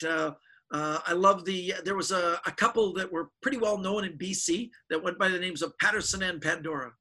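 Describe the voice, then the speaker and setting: A middle-aged man, a touch husky, spins stories in a high and bright voice. He slips into the voices of people he quotes. The talk is loose and casual, like an interview. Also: rough recording. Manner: animated storyteller acting out quoted voices. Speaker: guest magician.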